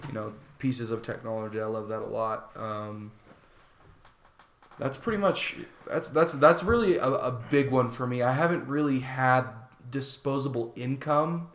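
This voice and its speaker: A man co-hosting a casual podcast. He talks in a relaxed, rambling way, restarts often and fills the gaps with "um" and "like". His voice sits at an ordinary pitch and echoes in a live room. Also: normal speed. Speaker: podcast co-host. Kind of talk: casual chat.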